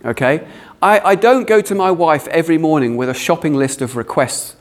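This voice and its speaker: A man preaching a sermon, animated with playful asides. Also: on the high side, brisk. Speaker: pastor.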